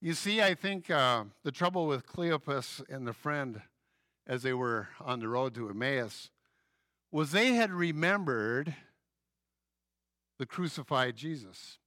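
Bright-voiced male pastor telling stories. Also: medium pitch, slow, dry recording, studio quality. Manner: lively storytelling, acting out quoted voices. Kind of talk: sermon.

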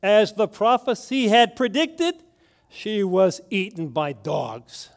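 A man's voice: high-pitched, big pitch swings, slow. A man preaching a sermon, telling a story dramatically and asking the congregation rhetorical questions.

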